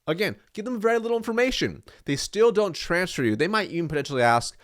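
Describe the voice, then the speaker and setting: A man teaching sales in a confident, direct scripted monologue, switching to a low, firm tone when he acts out example lines. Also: lively intonation, fast, hardly any pauses. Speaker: sales trainer.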